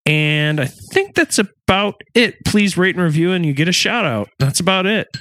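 A man's voice: sits high, expressive, moderate pace, fairly bright tone, dry recording. A man with a Midwestern accent hosting a podcast, rambling and joking through the show's sign-off. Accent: American Midwestern. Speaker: podcast host. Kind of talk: casual podcast chat.

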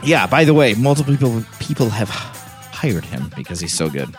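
A male podcast co-host jokes crudely with a lot of swing in his pitch. Faint music runs underneath his voice. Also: normal speed. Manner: joking, crude, lively. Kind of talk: casual podcast chat.

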